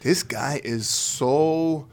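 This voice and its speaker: A man's voice: fairly high pitch, very slow. A man co-hosting a podcast, chiming in casually with confident predictions. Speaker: podcast co-host. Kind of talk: casual chat.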